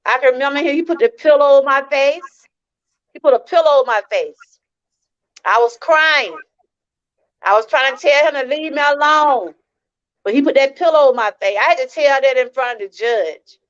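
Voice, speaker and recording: A woman's voice: high-pitched, normal speed, a bit bright, highs cut off. A woman from Georgia, hosting a live-stream testimony talk, earnest and repeating herself as she speaks straight to her viewers. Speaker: channel host.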